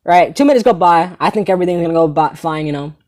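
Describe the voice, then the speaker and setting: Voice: medium pitch, fast. Rambling teen comedy storyteller. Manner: rambling, animated, swears casually. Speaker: comedy channel host.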